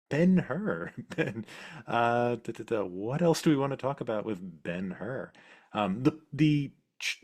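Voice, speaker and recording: Man, podcast co-host, low voice, relaxed, rambling, casual talk. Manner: relaxed, rambling, frequent laughter. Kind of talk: casual film discussion.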